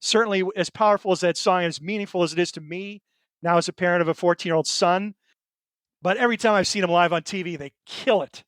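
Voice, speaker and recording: High-voiced earnest middle-aged man. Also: quick pace, fairly bright tone, clean tone, no room sound, clean studio sound. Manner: earnest, emotional, hesitant with many fillers and restarts. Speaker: podcast co-host. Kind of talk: casual chat.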